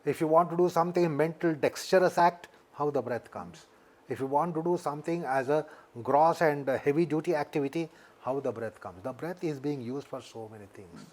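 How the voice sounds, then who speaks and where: In this interview, a male yoga teacher with an Indian English accent talks in a fairly high voice. His explanations are careful and measured, and he repeats the key ideas.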